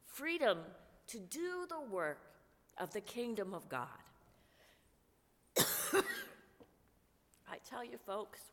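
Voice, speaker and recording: A woman pastor with a cold preaching a sermon, slow and earnest with touches of humor. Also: medium pitch, big pitch swings. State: has a cold, coughing. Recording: long reverb of a large room.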